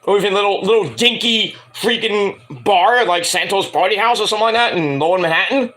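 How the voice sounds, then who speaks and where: A man's voice: sits high, fairly quick, pushed and bright. A man hosting a review show, telling a rambling, self-deprecating story and swearing freely as he acts out quotes. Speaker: wrestling review show host. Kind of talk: casual rambling monologue.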